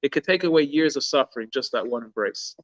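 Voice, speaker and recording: A man's voice: mid-range voice, animated, fast talker, dry recording. A man, a rabbi, giving an informal Torah talk with a story. He speaks earnestly and often restarts, mixing in Hebrew and Yiddish terms. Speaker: rabbi teaching a class. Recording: dull, lo-fi dry recording.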